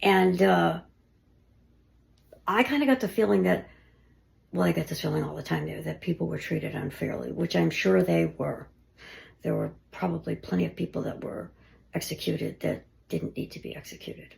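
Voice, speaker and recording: A woman with a low voice and a heavy gravelly fry narrates her ghost-hunting recordings in a casual, conversational way. She often sinks into a hushed near-whisper. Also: expressive, moderate pace. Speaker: paranormal investigator.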